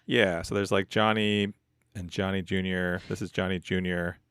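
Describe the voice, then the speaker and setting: A man's voice: deep voice, flat delivery, normal speed, a bit bright, clean tone, dry recording, studio quality. A man co-hosting a podcast in casual chat, talking in an easygoing, hedging way with many fillers. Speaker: podcast co-host.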